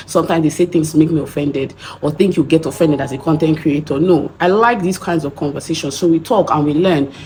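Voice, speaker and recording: A woman's voice: on the low side, a little mellow, slight background noise. A young Nigerian woman with a Nigerian accent, telling a story in a chatty vlog and acting out the voices she quotes. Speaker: vlogger.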